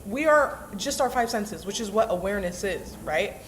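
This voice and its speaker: There's a little hiss or hum as a young woman with a medium-pitched, expressive, fairly bright voice talks at a moderate pace. In her casual mindset vlog she's emphatic, chatty and heavy on slang, acting out inner voices.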